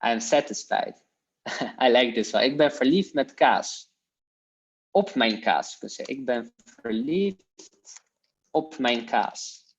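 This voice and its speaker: Guy teaching a casual language class, slow and a bit hesitant, muffled lo-fi sound. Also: mid-range voice, animated, slightly rough. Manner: slow, repeats Dutch phrases for learners, hesitant fillers. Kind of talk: informal language lesson.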